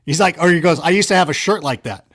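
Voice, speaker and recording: Animated rambling man telling stories. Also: fairly high pitch, quick pace. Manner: animated, rambling, self-mocking. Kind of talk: casual storytelling chat.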